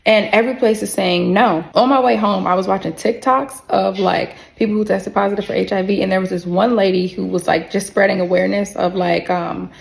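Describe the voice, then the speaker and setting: Candid woman telling her story, gravelly voice. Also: medium pitch, fairly quick, hardly any pauses, slight background noise. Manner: candid and expressive, swears freely, addresses viewers as y'all. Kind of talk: casual storytime vlog.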